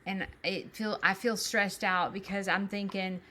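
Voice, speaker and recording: Bright-voiced woman chatting. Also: mid-range voice, a little slow. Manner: animated, rambling, laughs often. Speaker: podcast co-host. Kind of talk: casual chat. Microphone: video call.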